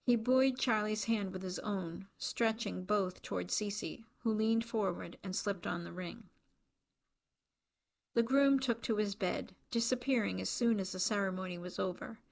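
A woman reading a novel aloud as an audiobook narrator, in even, measured storytelling. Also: medium pitch, gravelly. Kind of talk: scripted narration.

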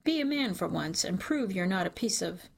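A woman's voice: fairly low pitch, animated, normal speed, gravelly, breathy edge, full character voice. A woman voicing a bitter, wounded mother who speaks in a cold, cutting way, in an audiobook. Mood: scornful.

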